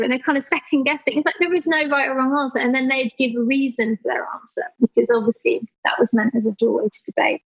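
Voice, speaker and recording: Lively woman telling art stories. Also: sits high, fast talker, hardly any pauses, low-quality recording. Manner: animated storyteller, acts out people's voices. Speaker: artist guest. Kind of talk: casual podcast conversation.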